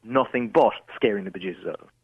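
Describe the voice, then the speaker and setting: A man's voice: on the low side, rapid-fire, breathy edge, no room sound, narrow, tinny audio. A man, a teacher and parent, reasoning through a point in a radio discussion. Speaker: schoolteacher, parent.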